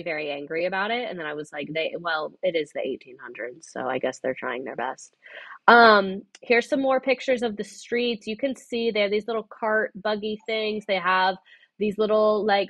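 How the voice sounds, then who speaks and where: A young woman teaches history on a live stream in a loose, chatty way, swearing freely and drifting into tangents. Her voice sits at a middling pitch and comes through earbuds. The sound is dry and close, with no room echo. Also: a bit bright. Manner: chatty, profane, tangent-prone. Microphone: wireless earbuds.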